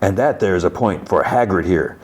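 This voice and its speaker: A man's voice: deep voice, lively intonation, moderate pace. A man voicing a crude backwoods male hunter with a folksy, blunt drawl. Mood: gruff, crude.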